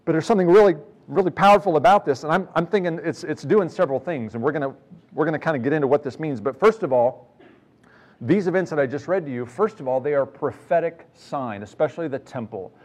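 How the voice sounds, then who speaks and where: A man's voice: fairly high pitch, fast talker, a little mellow. A man preaching a sermon in a conversational way, reading scripture with rising emphasis. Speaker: pastor.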